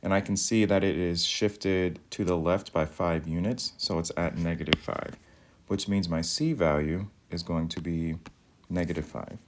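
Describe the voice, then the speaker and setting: A man, a math teacher, explaining step by step in a calm, methodical recorded video lesson. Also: deep voice, moderate pace, background noise.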